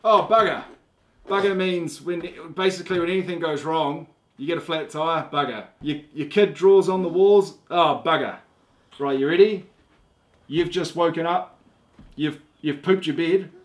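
A young man with a New Zealand accent, casually walking his daughter through a playful repeat-after-me lesson. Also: a little high. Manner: playful, halting, laid-back. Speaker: dad teaching his young daughter slang. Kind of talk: casual instructional video.

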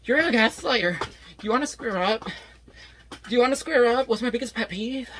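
A woman's voice: a little high, lively intonation, brisk, slight background noise, natural voice. Woman doing an erratic, combative YouTuber parody. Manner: rambling, argumentative, swings to yelling. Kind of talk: comedy sketch impression.

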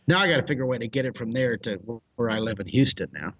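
A man's voice: medium pitch, quick pace, slightly rough, muffled recording. A middle-aged American man, a drawing teacher, telling a story animatedly with bursts of laughter. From United States. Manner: excitable, shouts and laughs mid-story.

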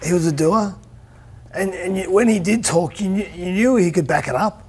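A man's voice: sits high, normal speed, breathy edge. A man on a sports panel, making his point earnestly and repeating words as he thinks. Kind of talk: TV panel discussion.

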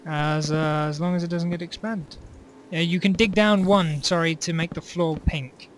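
A man with a somewhat higher voice in a relaxed gaming session. He banters in a teasing, unhurried way, and a faint hiss sits under his voice. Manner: teasing, laid-back. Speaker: game player. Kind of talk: casual gaming chat.

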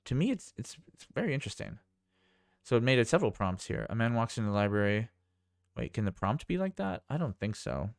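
A man's voice: medium pitch, sing-song, fairly quick, vocal fry, dry recording, clean studio sound. A man vlogging a casual screen demo, rambling and thinking aloud with amazement. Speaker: tech vlogger.

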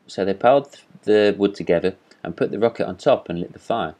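A man reads a classic fairy tale aloud at an even, measured pace. His voice sits very low. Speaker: storyteller. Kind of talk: reading a story aloud.

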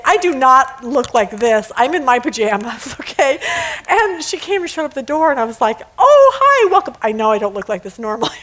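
A woman teaching a casual Bible study lesson, animated, often laughing and acting out little scenes. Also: high voice, rough recording.

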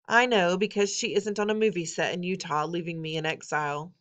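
A woman reading a novel aloud in an expressive, wry first-person storytelling manner. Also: on the low side, a little fast. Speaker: audiobook reader.

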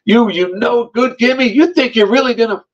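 A man voicing an angry young woman who curses and shrieks in indignation, in a spoken anecdote. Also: moderate pace. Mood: indignant. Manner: shrill, indignant, cursing. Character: angry young woman passenger, shrill and cursing. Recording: dull lo-fi sound.

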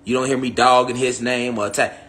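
A man's voice: medium pitch, little pitch movement, fairly quick, fairly bright tone. A young man delivering a heated, profane monologue rant to his online followers, repeating himself and firing off tag questions. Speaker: online spiritual commentator.

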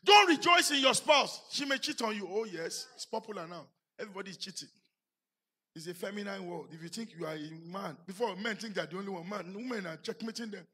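A fast-talking pastor with a Nigerian English accent preaches a sermon in a high-pitched voice with a breathy edge. He builds to shouts for emphasis and directs questions at the congregation.

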